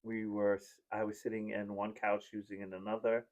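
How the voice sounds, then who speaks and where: A man's voice: on the low side, completely flat delivery, fairly quick, darkish tone, muffled recording. A man hosting a podcast and chatting casually, telling rambling, heartfelt stories as a parent. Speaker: podcast host. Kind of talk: casual chat.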